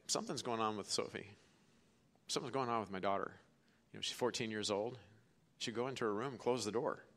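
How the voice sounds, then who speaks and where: A middle-aged man preaching a sermon as pastor, telling stories and swinging from hushed to forceful. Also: fairly low pitch. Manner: storytelling, quoting others, swings from hushed to forceful.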